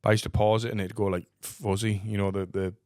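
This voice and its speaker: A man's voice: fairly low pitch, flat delivery, fast talker, darkish tone, smooth, no room sound, studio quality. A man co-hosting a casual comedy podcast, rambling and trailing off with fillers. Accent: English. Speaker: podcast co-host. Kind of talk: casual chat.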